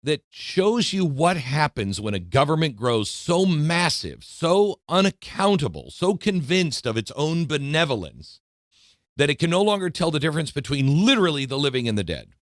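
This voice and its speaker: A male talk show host giving a political commentary monologue, emphatic and indignant, slowing down for dramatic stress. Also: on the high side, sing-song, no echo, clean studio sound.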